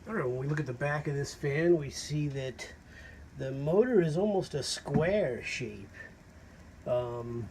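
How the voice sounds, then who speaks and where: A man's voice: a little high, animated, measured pace, a little mellow, slight background noise, rough recording. Rambling man showing off an old fan. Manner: rambling, hesitant, lots of fillers. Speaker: vintage fan collector. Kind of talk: casual show-and-tell narration. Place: porch at home.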